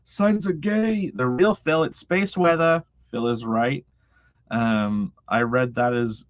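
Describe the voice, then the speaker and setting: A man's voice: medium pitch, slow, no room sound. A young man casually streaming, reading chat aloud, laughing often and swearing freely.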